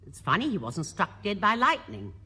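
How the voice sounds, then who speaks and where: A woman's voice: mid-range voice, huge pitch swings, moderate pace, pushed and bright. A woman in her sixties, a musical comedienne, doing a chatty comic monologue with wry asides on stage. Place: large concert hall. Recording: live recording in a large reverberant hall. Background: audience laughter.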